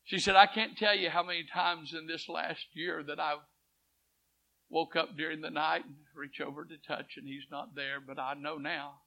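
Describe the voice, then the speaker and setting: A man preaching a sermon. He tells a story and swings from hushed quotes to loud swells. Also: on the high side, steady tone, moderate pace, gravelly. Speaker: pastor. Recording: dull lo-fi church recording.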